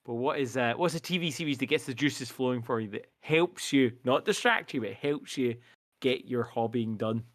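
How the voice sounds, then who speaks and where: A man's voice: mid-range voice, normal speed. A man co-hosting a podcast in casual chat, laughing easily and prompting his partner with questions. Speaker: podcast co-host.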